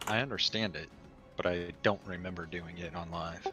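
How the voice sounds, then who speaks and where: Low-voiced male raider, practical and matter-of-fact, music and keyboard audible. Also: normal speed, sharp tone. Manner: practical, offers suggestions. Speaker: raid member. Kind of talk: voice chat while gaming.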